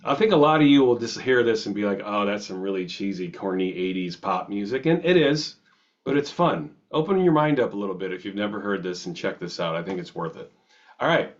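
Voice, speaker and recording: Casting note: male music host, lowish voice, chatty record-review style, slightly muffled lo-fi audio. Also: lively intonation, a little fast. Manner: rambling, chatty, self-interrupting with restarts.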